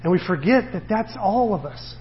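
A man's voice: high voice, lively intonation, normal speed, muffled recording, slight background noise. A middle-aged man preaching a sermon in an earnest, conversational way, slipping into the voices of the people he describes. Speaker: pastor.

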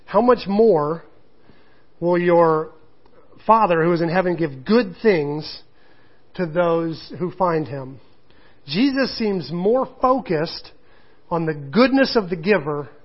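A male pastor delivers a sermon through a dull, slightly muffled recording. His voice sits high for a man and has a husky edge. He tells stories with self-deprecating humor and an animated delivery.

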